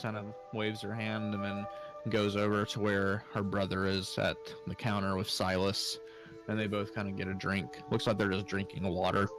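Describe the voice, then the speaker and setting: Man, game master, relaxed narration, lots of ums, tabletop game. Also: on the low side, normal speed, over music. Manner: easygoing, many fillers.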